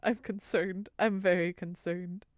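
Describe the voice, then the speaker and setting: Woman streamer, dry close mic, smooth clear voice, doting, cutesy slang. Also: lowish voice, steady tone, measured pace, no echo. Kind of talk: casual live-stream chat, reading chat.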